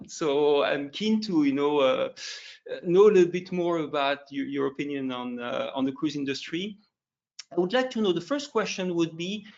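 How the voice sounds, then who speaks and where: A man's voice: fairly high pitch, vocal fry, highs cut off. A man moderating a webinar panel, telling his career story with frequent restarts and a touch of emotion, over a video call.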